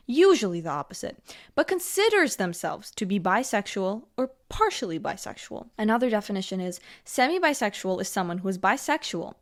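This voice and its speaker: A woman commenting on video clips in a sarcastic, mocking way. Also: fairly high pitch. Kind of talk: casual reaction commentary.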